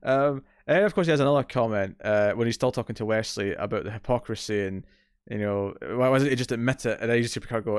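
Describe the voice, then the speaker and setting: A man co-hosting a casual podcast chat, retelling scenes in lively fashion, acting out voices and laughing often. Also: medium pitch, fast, smooth, no room sound, clean studio sound. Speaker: podcast co-host.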